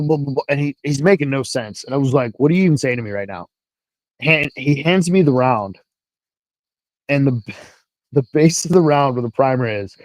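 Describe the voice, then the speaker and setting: A man's voice: medium pitch, dry recording, poor audio. Guy telling a rowdy army story, swears a lot, does the voices, dry close sound. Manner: animated, profane, acts out dialogue. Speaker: guest, military veteran. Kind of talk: casual storytelling.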